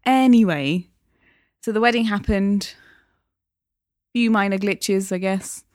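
A woman's voice: mid-range voice, slow pace, a little mellow, no echo, clean studio sound. A woman, co-hosting a podcast and telling stories with feeling. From England. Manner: chatty, emotional storytelling. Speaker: podcast co-host. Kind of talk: casual chat.

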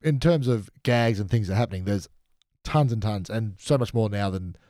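A deep, mellow-voiced man guests on a podcast, recorded close and dry. He picks apart what he reviews in an opinionated, analytical way. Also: normal speed, no echo. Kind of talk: casual chat reviewing episodes.

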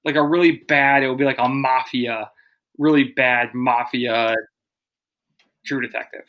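Bright-voiced joking podcast host. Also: male voice, mid-range voice, steady tone, a little slow, low-quality recording. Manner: joking, leads segments. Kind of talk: casual chat.

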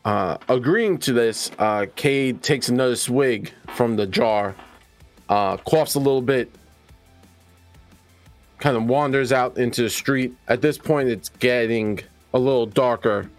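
A man's voice: medium pitch, unhurried. A man narrating as game master, loose and hesitant, with faint music behind.

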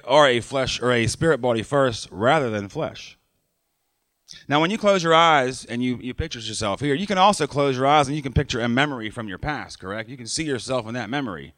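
A man's voice: mid-range voice, fairly bright tone, no echo. A man preaching a sermon to his church congregation in a conversational way, often checking in with "right?" and using fillers. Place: church sanctuary.

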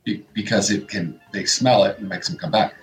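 A man's voice: fairly low pitch, steady tone, normal speed, roomy sound, faint music behind. A middle-aged man co-hosting a morning radio show, telling a rambling story in casual chat and acting out what his family said.

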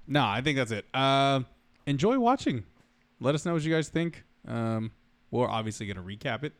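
Male podcast co-host, medium pitch, teasing offhand humor. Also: big pitch swings, moderate pace, clean tone, no echo. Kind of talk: casual chat.

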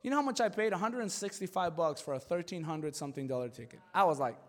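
A male pastor telling a personal story in a sermon. He talks in an animated way full of "like" and repetition, and drops to a hushed, earnest tone for serious points. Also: fairly high pitch, fast talker, hardly any pauses, big-room sound. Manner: animated, excitable storytelling with many "like" fillers.

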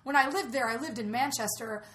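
Chatty woman in a roomy echo. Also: a little high. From Atlanta, Georgia. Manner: animated, chatty, quick asides. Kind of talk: casual chat. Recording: roomy echo, faint noise.

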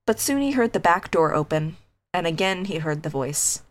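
Woman reading a creepy tale aloud. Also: lowish voice. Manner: animated, reads with dramatic slow groans, laughs easily. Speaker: podcast co-host. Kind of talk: casual chat reading a scary story aloud.

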